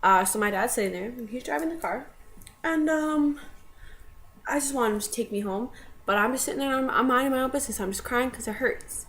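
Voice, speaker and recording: A woman's voice: a little high, a little fast, fairly bright tone. A young woman casually telling a personal story to camera, rambling with many fillers. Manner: rambling, filler-heavy, with tearful laughing bursts in quotes.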